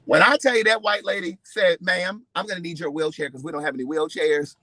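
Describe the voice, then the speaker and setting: High, bright-voiced man telling a story. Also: brisk, no echo, poor audio. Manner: expressive, profane, acts out quotes with big swings in loudness. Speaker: vlogger. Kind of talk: animated storytelling to camera.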